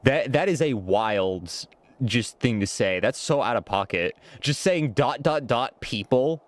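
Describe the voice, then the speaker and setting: A man's voice: mid-range voice, expressive, unhurried. Self-mocking male game streamer. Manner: self-deprecating, laughs often. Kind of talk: live game stream commentary.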